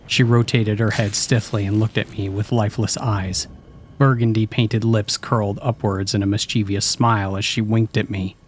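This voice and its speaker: A man narrating a scripted horror story in a steady storytelling voice. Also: on the low side, normal speed, a little hiss or hum.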